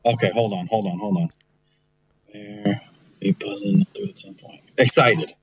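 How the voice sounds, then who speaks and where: A man's voice: lowish voice, big pitch swings, normal speed, gravelly, slightly rough. Guessing man on a dull call line. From New York. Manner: puzzled guessing, swearing, hesitant fillers. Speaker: podcast guest. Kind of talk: casual podcast chat. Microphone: remote call.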